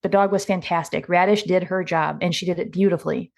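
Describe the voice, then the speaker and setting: A woman with a somewhat low voice tells candid stories about her dog handling. She pokes fun at herself in an easy, chatty way. It sounds like casual storytelling on a podcast. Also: fairly even intonation, quick pace, creaky. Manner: candid, self-deprecating anecdotes.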